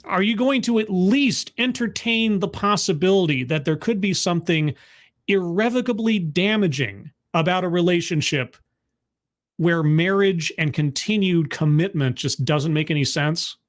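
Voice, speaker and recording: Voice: medium pitch, normal speed. A commentary host reacting to a talk clip with sarcastic, mock-earnest remarks and stammered repeats, streaming from home.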